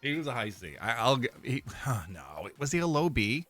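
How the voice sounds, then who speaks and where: A man's voice: mid-range voice, big pitch swings, moderate pace, a bit bright, soft background music. A young man streaming live, chatting casually and rambling, repeating himself with fillers and laughs.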